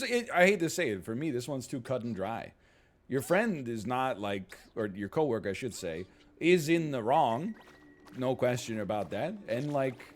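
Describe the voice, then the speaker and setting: A man reading out a post and then rambling through casual reaction commentary, full of fillers and asides. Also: mid-range voice. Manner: animated, rambling, frequent fillers and laughs.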